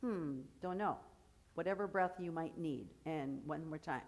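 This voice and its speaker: A woman's voice: sits low, unhurried, a little mellow. A woman coaching a choir through vocal technique, explaining and encouraging as she demonstrates. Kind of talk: rehearsal vocal instruction.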